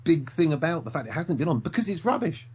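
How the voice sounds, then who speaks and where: A man's voice: a little high, big pitch swings, fast talker, darkish tone, a little hiss or hum. A man co-hosting a podcast, ranting bluntly and emphatically in casual chat. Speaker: podcast co-host reading feedback. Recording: slightly dull audio.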